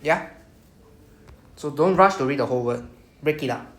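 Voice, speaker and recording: A woman with a Singaporean accent, teaching Japanese pronunciation in a classroom, patient and slow when repeating words. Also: sits low. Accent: Singaporean English. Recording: echoey classroom with faint noise.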